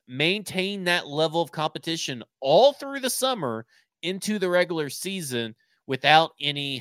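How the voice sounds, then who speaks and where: A man's voice: fairly high pitch, sharp tone, dry recording, studio quality. A man co-hosting a sports podcast, talking in a blunt, opinionated, casual way and swearing now and then. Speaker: podcast co-host.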